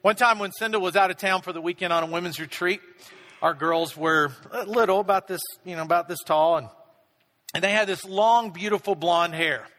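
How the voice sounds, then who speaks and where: A man's voice: high-pitched, a little fast, fairly bright tone. A middle-aged man preaching a sermon, telling a self-deprecating family story in a casual, conversational way. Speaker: pastor. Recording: long reverb of a large hall.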